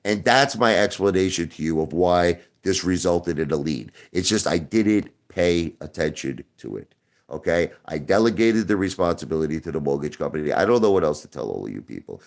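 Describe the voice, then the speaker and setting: A man's voice: deep voice, expressive, brisk, vocal fry. A man hosting a casual online show, talking defensively to his viewers and stumbling over repeated words. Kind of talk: casual livestream talk to viewers.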